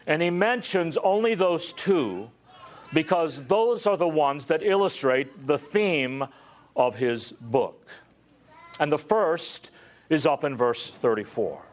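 A man preaching a sermon, swinging from hushed, low passages to loud, dramatic climaxes. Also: animated, slow. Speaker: pastor.

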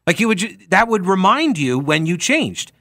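A man hosting a talk show, giving animated commentary on a trial and acting out quoted speech with rhetorical questions. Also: sits high, moderate pace, no echo, studio quality.

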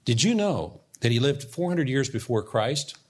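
Pastor guy preaching a sermon, kinda husky voice, earnest, asks the crowd questions. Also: mid-range voice, big pitch swings, normal speed.

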